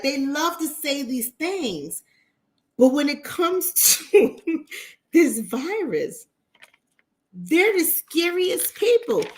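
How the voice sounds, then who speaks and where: A woman with a Bronx accent, casually chatting with viewers on a livestream in a blunt, profane manner. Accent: New York, Bronx. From New York, the Bronx. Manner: blunt, profane, animated, mimics others in high voices. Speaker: relationship coach and livestream host.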